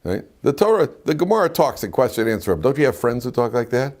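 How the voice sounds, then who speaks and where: A man's voice: medium pitch, very animated, fast, a little mellow. An older man, a rabbi, giving an informal class in a classroom, talking conversationally with restarts and side remarks. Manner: conversational and digressive, with frequent restarts and asides. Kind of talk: informal Torah lecture. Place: classroom with students.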